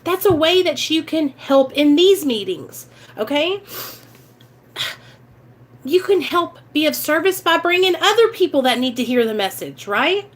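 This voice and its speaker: Recovery vlogger, woman, Midwestern American accent, high voice, emotional and direct, casual live chat. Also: sing-song, a little slow. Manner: earnest, emotional, talks straight to viewers.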